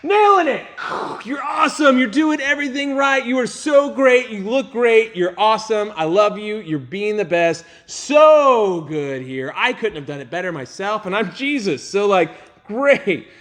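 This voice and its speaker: Brief: male preacher playing a giddy, cheering Jesus, pitched way up and loud, all hype. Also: expressive, a little slow. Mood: gushing. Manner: gushing, loud, high and hyped. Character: overexcited cheering male Jesus, gushing praise.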